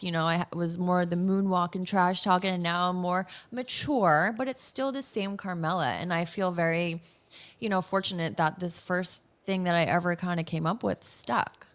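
Bright, chatty woman telling stories. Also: on the low side. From Massachusetts. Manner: animated, chatty, laughs often. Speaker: guest, professional wrestler. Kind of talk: casual interview storytelling.

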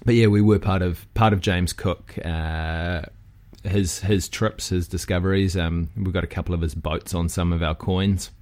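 A man with a New Zealand accent, a physical therapist chatting casually as a podcast guest, with relaxed fillers and restarts. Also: sits low, moderate pace.

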